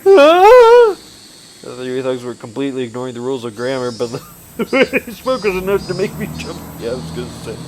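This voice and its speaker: A man hosting a let's play, reading a visual novel aloud with animated laughing asides and swearing, with traffic noise behind. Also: medium pitch, moderate pace.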